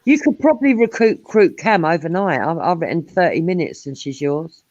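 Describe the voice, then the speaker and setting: A woman's voice: lowish voice, animated, a little fast, darkish tone, lo-fi sound, slight background noise. A woman hosting a casual live-stream chat, teasing her guest and laughing between remarks. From England.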